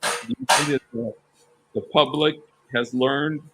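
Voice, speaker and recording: A man's voice: fairly high pitch, fairly even intonation, unhurried, gravelly, noisy background. A man guest in a casual talk who reads passages aloud and keeps exclaiming "wow". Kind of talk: casual conversation.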